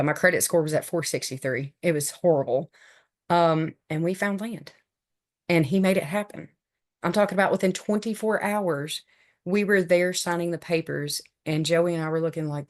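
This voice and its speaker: A middle-aged woman giving an emotional, earnest faith testimony, telling her story with laughs and asides. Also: fairly low pitch. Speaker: guest sharing faith testimony. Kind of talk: personal testimony talk.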